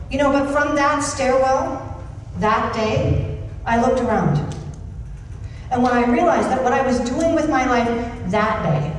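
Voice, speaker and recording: A woman coach giving an inspirational conference talk, telling a candid personal story slowly, with wry humor. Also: fairly high pitch, a little mellow, a little hiss or hum. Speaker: life and recovery coach, conference speaker. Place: conference hall. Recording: echoey hall from far off.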